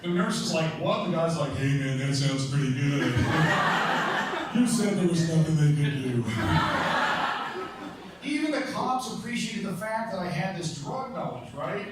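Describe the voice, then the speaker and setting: A man's voice: high voice, animated, moderate pace. A man doing a stand-up comedy set on a club stage, telling stories in a conversational way with punchy asides. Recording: echoey club, distant mic, crowd noise. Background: audience laughter.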